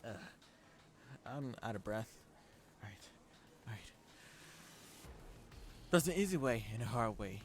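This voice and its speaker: A man's voice: fairly low pitch, measured pace, long pauses. Brief: male streamer, laughing, chatty reactions over background music. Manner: animated, laughing, lots of fillers. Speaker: gaming streamer. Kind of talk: reading a dating sim aloud with reactions.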